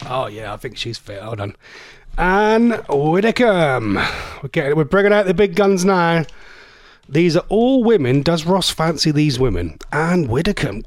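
A man's voice: on the high side, big pitch swings, a little slow, dry recording. A man, hosting a radio show in a jokey, chatty way and slipping into silly impressions. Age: 40s. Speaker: radio presenter. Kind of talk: casual radio chat.

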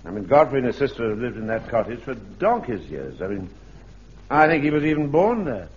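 An actor playing a vague, well-mannered, gently wry chief clerk and sergeant in a radio sitcom, heard on a dull archive recording. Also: male voice, medium pitch, sing-song, brisk, a little hiss or hum, natural voice. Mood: languid. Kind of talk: 1970s radio sitcom acting.

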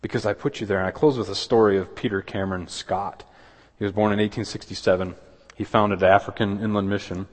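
A man preaching a sermon as pastor, earnest, with quick asides and objections voiced in a higher pitch. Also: steady tone. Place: church sanctuary. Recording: long hall reverb.

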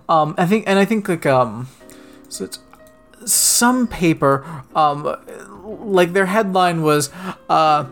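A man's voice: on the high side, a bit bright. A man co-hosting a casual political talk show, ranting and mocking with plenty of swearing. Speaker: podcast co-host.

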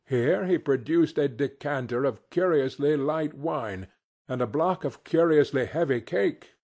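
Slow, expressive male audiobook narrator. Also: fairly high pitch. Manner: expressive storytelling. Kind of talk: scripted narration.

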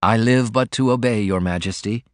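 A man's voice: fairly low pitch, normal speed, no room sound, clean studio sound, natural voice. A man reading an audiobook, voicing a poor young male writer who talks in an earnest, eager way. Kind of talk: audiobook character voice.

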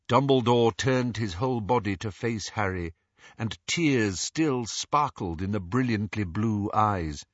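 A man narrating a novel in a measured, expressive storytelling manner. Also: on the low side, no room sound, dull audio. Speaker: audiobook narrator. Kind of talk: scripted narration.

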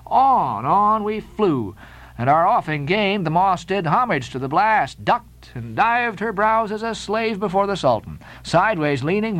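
Man, audiobook narration, dramatic delivery, animated intonation. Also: sits high, no echo, poor audio. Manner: dramatic, expressive reading. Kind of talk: scripted narration of a classic novel.

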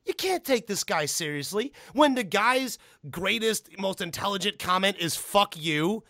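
A man hosting a casual chat, ranting animatedly with a lot of swearing, and jumping to high pitch when he stresses a point. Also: lively intonation, moderate pace, bright, forceful tone, dry recording, studio quality.

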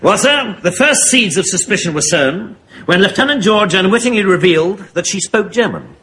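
A sardonic, dry army captain. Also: male voice, high-pitched, lively intonation, sharp tone, slight background noise. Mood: explaining. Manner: dry, sarcastic, measured.

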